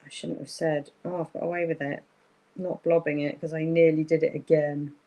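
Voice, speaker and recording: A woman's voice: deep voice, level tone, normal speed, dark tone, poor audio. A woman hosting a live-streamed craft tutorial from her craft table at home, thinking aloud as she paints and often apologizing. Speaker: craft workshop host.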